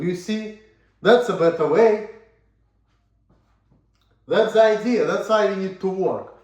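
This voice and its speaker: A man with a first language of Russian, ranting in a blunt, profane vlog monologue, repeating himself and asking "you see?". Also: sits high. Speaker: vlogger. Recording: roomy echo.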